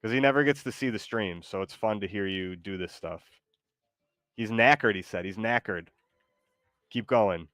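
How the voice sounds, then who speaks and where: A man's voice: lowish voice, expressive, fairly quick, hardly any pauses, a bit bright, no echo, clean studio sound. A man streaming live, chatting with his AI co-host in a rambling way full of fillers.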